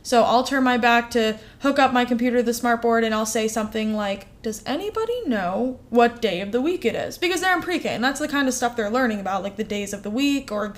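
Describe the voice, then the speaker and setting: A woman's voice: a little high, quick pace, few pauses. A woman co-hosting a casual podcast, telling classroom stories with lots of fillers. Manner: animated storytelling with many fillers. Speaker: podcast co-host.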